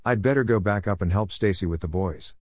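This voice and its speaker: A man's voice: lowish voice, fast, no echo, clean studio sound, natural voice. A man doing a chatty, cheerful dad. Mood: flustered. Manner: bright and chatty.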